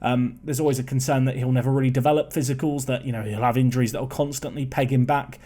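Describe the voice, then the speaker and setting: A young man talks fast in a mid-range voice, offering casual, chatty commentary on a football management game. He's excitable and keeps drifting into rambling asides.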